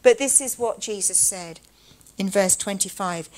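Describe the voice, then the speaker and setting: A woman delivering a church sermon at a medium pitch. Her pace is deliberate, and she slows sharply to weigh important words. Casual asides soften her teaching. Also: rough recording. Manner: measured, slows to stress key words. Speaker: preacher.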